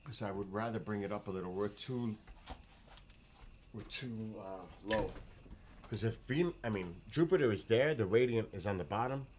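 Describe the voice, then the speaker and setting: A man hosting a casual livestream from his backyard at night, excitable, exclaiming and laughing often as he reads the chat. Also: fairly low pitch, moderate pace, a little hiss or hum. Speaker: livestream host.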